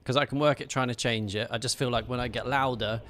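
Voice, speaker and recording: Man, game streamer, playful teasing chat, medium-pitched voice, streaming mic. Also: steady tone, fast, a bit bright, slight background noise. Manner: playful, teasing, chatty with viewers. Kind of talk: live gameplay commentary and chat. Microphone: streaming microphone.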